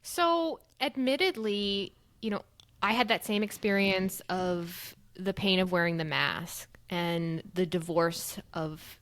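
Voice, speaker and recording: A woman's voice: fairly low pitch, slow, fairly bright tone, dry recording. A woman in her thirties co-hosting a podcast, talking in an earnest, reflective way and laughing easily. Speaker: podcast co-host. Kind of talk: casual podcast chat.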